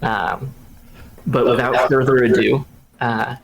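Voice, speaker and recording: A man narrating as game master over a video call, relaxed and full of fillers. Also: mid-range voice, slow, creaky, slight background noise. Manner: relaxed, many fillers and restarts.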